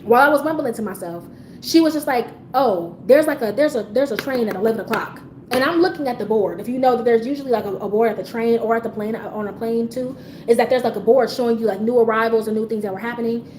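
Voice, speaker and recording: Animated, swearing woman telling a story in an echoey room. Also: fairly high pitch, quick pace. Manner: animated storytelling, swears often, bursts into laughter. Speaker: livestream host telling a story. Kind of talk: casual storytime chat to a live audience. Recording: echoey room with faint background noise.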